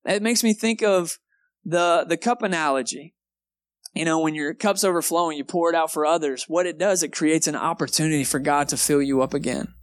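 A man's voice: on the high side, a little fast, no room sound. A man preaching a sermon in a church in a casual, conversational way, peppering his talk with "man" and "okay". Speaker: pastor. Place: church sanctuary. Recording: live church recording with loud guitar behind. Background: soft guitar music.

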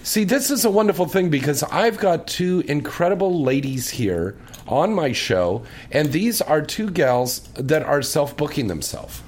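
A man's voice: on the high side, very animated, unhurried, breathy edge. A man hosting a talk show, bantering in a joking, crude way. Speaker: host. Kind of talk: casual talk show chat.

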